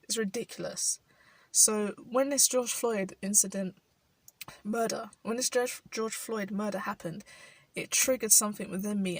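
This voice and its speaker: Reflecting thoughtfully for her personal vlog, a young South London woman with a London accent says "like" a lot and laughs softly, with rain falling outside. Her pitch is medium, the audio poor and taken from far off the mic, with no room sound.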